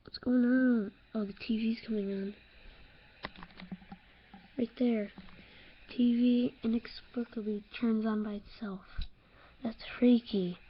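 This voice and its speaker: A young woman giving excitable, jumpy commentary over a horror game, laughing at her own scares. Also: fairly high pitch, slow, long pauses, lo-fi sound, a little hiss or hum. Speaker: let's-play gamer.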